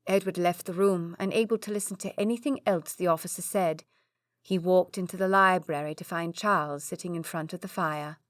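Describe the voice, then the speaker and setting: A woman narrating a historical romance audiobook with steady storytelling. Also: fairly low pitch, normal speed, no echo, clean studio sound. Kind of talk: scripted narration.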